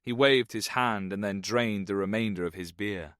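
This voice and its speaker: Casting: male audiobook narrator, steady thriller reading, dry close recording. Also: fairly low pitch, normal speed, dry recording. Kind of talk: scripted narration.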